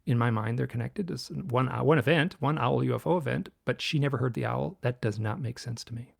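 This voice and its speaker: A man in his sixties with a heavily gravelly, husky voice tells a story, sometimes sinking to a whisper for suspense. The sound is close and dry. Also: medium pitch, a little fast, no room sound. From Michigan. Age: 60s. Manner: animated storyteller, drops to a whisper for tense moments. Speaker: guest author. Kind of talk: storytelling in a podcast interview.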